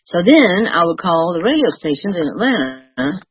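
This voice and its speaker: A woman's voice: on the low side, big pitch swings, normal speed, husky, lo-fi sound. An older woman sharing her recovery story with wry, self-mocking humor. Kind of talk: personal testimony, storytelling.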